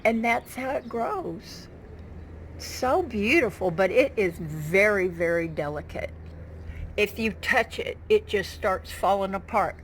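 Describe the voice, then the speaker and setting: A woman's voice: mid-range voice, animated, slow pace, a little hiss or hum, poor audio. A woman chatting casually to her viewers outdoors in her backyard garden, fond of her plants. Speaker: gardening vlogger. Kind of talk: casual show-and-tell chat.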